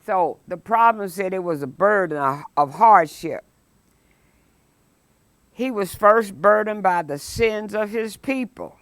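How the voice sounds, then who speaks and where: Woman preacher, slow deliberate delivery, dry close sound, emphatic. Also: medium pitch, lively intonation, dry recording. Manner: emphatic, rises to shouted exclamations. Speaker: Sunday school teacher. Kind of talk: preaching a Bible lesson.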